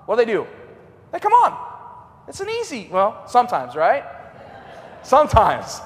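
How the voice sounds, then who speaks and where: A middle-aged man preaching a revival sermon in a church, swinging between loud and hushed. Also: extremely high pitch, huge pitch swings, normal speed, pauses often. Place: church sanctuary. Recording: long hall reverb.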